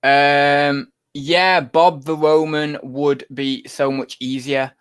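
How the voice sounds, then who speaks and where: Uk guy rambling on his livestream, reading the chat, fairly high voice. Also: steady tone, takes it slowly, clear, resonant tone. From United Kingdom. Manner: rambling, talks to viewers and to his cat. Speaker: livestream host, online reseller.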